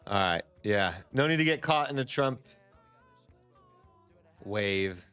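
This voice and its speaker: Upbeat man streaming trades, smooth voice. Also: lowish voice, expressive, slow, fairly bright tone, soft background music. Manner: upbeat, hypes up viewers. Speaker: livestream trading host. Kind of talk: casual livestream chat.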